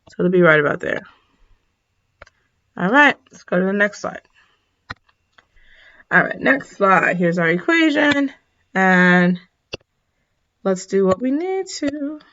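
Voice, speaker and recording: A woman teacher walks through a math problem in a relaxed, casual way, tired and stifling yawns as she goes. She corrects herself often and apologizes along the way. Her voice sits at a middle pitch, and the recording sounds dull and lo-fi. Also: slow pace, pauses often. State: yawning, tired. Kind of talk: recorded lesson at a whiteboard.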